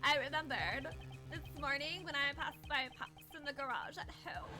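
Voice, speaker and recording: A woman's voice: sits high, moderate pace, over music, pitched above the performer's own voice, close to an everyday voice. A woman voicing a flustered, eager young male prosecutor who stammers and apologizes. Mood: earnest.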